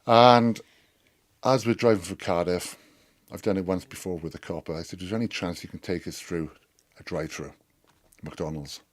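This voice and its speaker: A man's voice: sits low, fairly even intonation, normal speed, no room sound. A Welsh man, a former rugby player, telling a rambling anecdote, swearing and acting out what others said. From Wales. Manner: rambling, profane, acts out others' lines. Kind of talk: storytelling anecdote.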